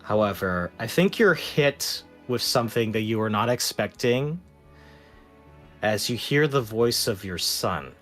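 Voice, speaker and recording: A man narrating as game master of a tabletop role-playing game, speaking in a hushed, measured way. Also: expressive, soft background music. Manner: slow, low and hushed when narrating, livelier in banter.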